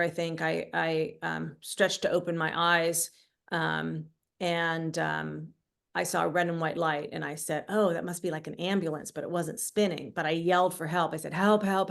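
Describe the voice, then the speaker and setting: Woman, middle-aged, deep voice, vocal fry, halting personal testimony. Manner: halting, many fillers, drops quiet at painful moments. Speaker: guest author.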